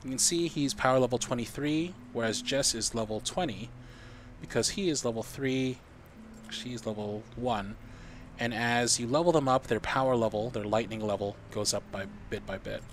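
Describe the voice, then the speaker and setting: A man's voice: mid-range voice, moderate pace, a little hiss or hum. A man streaming a video game live, walking viewers through the steps in a chatty, explaining way.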